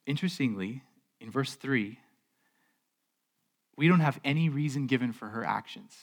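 A man's voice: mid-range voice, animated, moderate pace. A male pastor delivers a sermon from a church stage in a middle-range voice. He talks loosely and conversationally, often restarting or repeating a word. He keeps drawing in the congregation with rhetorical questions.

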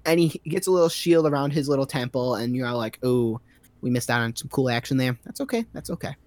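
A man's voice: mid-range voice, fairly even intonation, fairly quick, a little mellow, dry recording. A man giving a rambling, sarcastic recap of a movie's plot in a casual comedic style, full of fillers.

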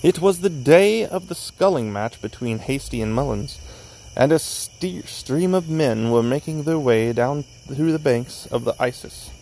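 A man reading a classic story aloud at an unhurried pace, outdoors in a cemetery at night, correcting small slips as he goes. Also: medium pitch, animated, dark tone, a little hiss or hum, low-quality recording. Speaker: narrator.

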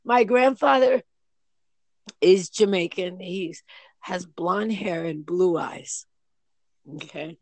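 Animated American woman telling stories. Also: on the low side, takes it slowly, long pauses, no room sound. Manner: animated storyteller, lively acted quotes. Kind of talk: casual chat, storytelling.

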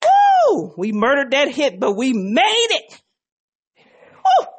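A woman's voice: high-pitched, unhurried. A woman hosting a faith podcast in a casual, playful way, joking with listeners and a little out of breath. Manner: playful, animated, sings along off key. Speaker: podcast host.

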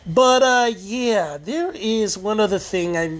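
A man with a high-pitched voice talks through an episode of a show in a loose, casual recap. He rambles, often backs up to restart a phrase, and acts out the quoted lines as he goes. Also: takes it slowly. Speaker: TV show reviewer.

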